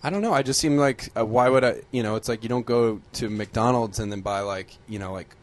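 A man's voice: mid-range voice, a little fast, close to an everyday voice. A man playing a boastful businessman who rambles about his cheap skateboards in improvised comedy. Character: smug skateboard-selling businessman.

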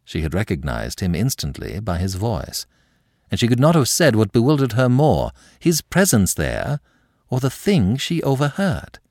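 Deep-voiced guy reading a classic novel, gravelly, super dry sound. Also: moderate pace, no room sound. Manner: expressive storytelling. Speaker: audiobook narrator. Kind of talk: scripted narration.

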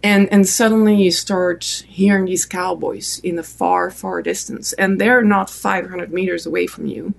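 A woman's voice: on the low side, steady tone, measured pace, vocal fry, few pauses. A woman from France with a French accent, an interview guest telling a long story with many fillers and restarts. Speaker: podcast guest.

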